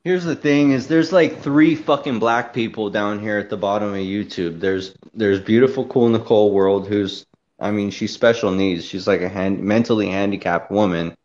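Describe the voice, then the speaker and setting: A man's voice: fairly low pitch, moderate pace, darkish tone, highs cut off. A man ranting casually on a livestream, telling a long story in a heated, profane and rambling way.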